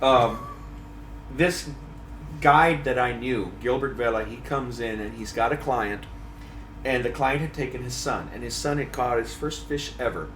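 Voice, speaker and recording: A man, a fishing magazine editor, telling a comic fishing story in a lively, playful way at a trade show. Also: mid-range voice, unhurried, echoey room, a little hiss or hum. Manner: lively, comic yarn-spinner who acts out quotes. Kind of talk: animated storytelling.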